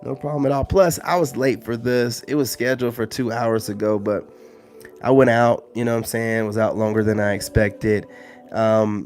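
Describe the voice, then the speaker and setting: A man's voice: lowish voice, steady tone, moderate pace, a little mellow. A man hosting a casual live stream, talking loosely with lots of slang and filler phrases. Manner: loose, slangy, full of "you know what I'm saying" fillers.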